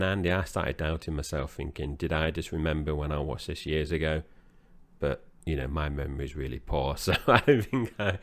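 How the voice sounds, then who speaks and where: Male co-host, extremely low voice, easygoing plot recap. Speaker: podcast co-host. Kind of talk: casual film-review chat.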